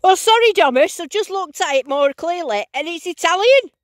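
A woman vlogging outdoors in a field, giving bubbly, excited running commentary as she digs and talking to her finds. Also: very high voice, normal speed, loud music behind the voice. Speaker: metal detecting vlogger.

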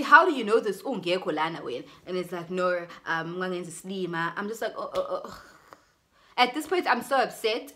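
A woman's voice: fairly low pitch, a little hiss or hum. A young South African woman telling a personal story in a casual vlog, acting out both sides of the conversations. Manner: animated, switches into Zulu phrases, acts out both sides of conversations. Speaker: YouTuber.

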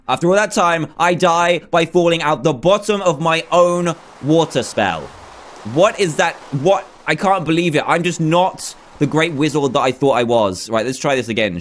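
A young man with a slightly high voice talks through his gameplay in a dramatic, excitable way. He keeps up a constant stream of self-talk. A faint hiss sits under the recording. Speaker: gaming YouTuber. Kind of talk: Let's Play commentary.

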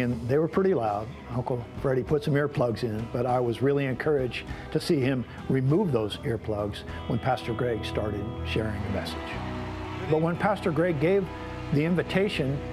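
A man, a staff pastor, telling a personal testimony story from the stage of a large event, earnest and heartfelt. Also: mid-range voice. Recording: music playing underneath. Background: music.

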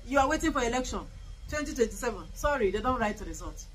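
A woman rants on camera in a fiery, scornful way. Her voice sits a little high, and she hammers the same points again and again. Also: lively intonation, quick pace, slightly rough, low-quality recording. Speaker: political commentator. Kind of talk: impassioned political vlog rant.

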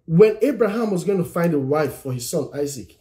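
Earnest man preaching, mellow higher voice. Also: expressive, fairly quick. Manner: earnest, repetitive exhortation, reads scripture aloud. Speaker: Christian teacher on singles and marriage. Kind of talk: encouraging sermon-style teaching. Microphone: phone on a live stream.

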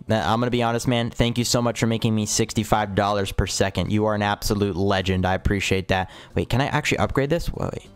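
A young man giving excitable gameplay commentary as a video host, with wild jumps in pitch. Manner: hyper, jumpy pitch, gasps and exclamations. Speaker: gaming YouTuber. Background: faint music.

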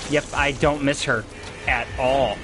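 A man giving let's-play commentary as a streamer, excitable, panicky and swearing often. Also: medium pitch, unhurried, background noise. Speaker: gameplay streamer. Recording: gameplay audio with game music behind.

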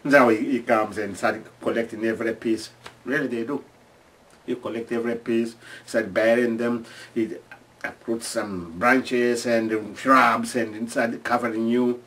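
A man telling stories from home in a halting, restarting way, acting out screams and sounds. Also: mid-range voice, steady tone, fairly bright tone, distant mic. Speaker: storyteller. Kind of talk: casual oral storytelling.

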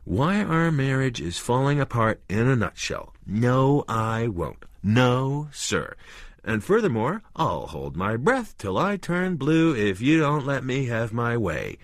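A man's voice: mid-range voice, big pitch swings, slow, no room sound, studio quality, pitched above the performer's own voice. A man voicing a frightened, nagging young wife who pleads in a strained, tearful way. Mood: bitter.

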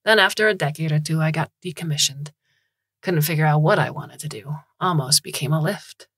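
A woman voicing a talking caravan with the rough, gravelly voice of an old male hobo, grumbling and rambling in an audiobook reading. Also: deep voice, fairly quick, a bit bright, no echo, heavily acted.

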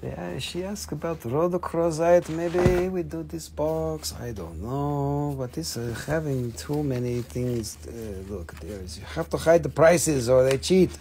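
A fairly high-voiced man runs a live auction of rocks and minerals from his shop. He is excitable, swears freely and mocks himself as he knocks the prices down. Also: unhurried, few pauses, slight background noise. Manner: excitable, swearing, self-mocking. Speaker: live-stream rock seller. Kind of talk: live auction sales stream.

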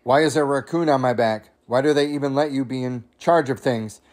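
An indignant house cat voiced by a man reading aloud fires off loud, exasperated questions. The cat is fed up and offended. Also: mid-range voice, brisk, close to an everyday voice.

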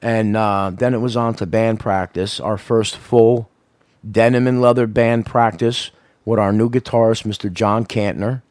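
A man co-hosting a casual radio show, rambling loudly and swearing constantly between laughs. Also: fairly low pitch, fairly even intonation, a little slow, no room sound, clean studio sound. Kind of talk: casual profane radio banter.

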